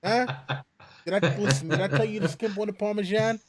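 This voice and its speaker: A man's voice: high voice, crowd noise, voice pushed up, natural voice. Brash mobster tough guy, done by a man at a tabletop game, leaning in hard and rattling off threats and demands. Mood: pushy. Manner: pushy, threatening, fast-talking. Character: brash male Italian mobster.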